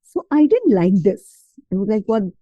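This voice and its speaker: A woman's voice: mid-range voice, big pitch swings, normal speed, dark tone, no echo, lo-fi sound. A woman from India with an Indian accent, telling her story as a podcast guest in a casual interview, mixing Hindi words into her English.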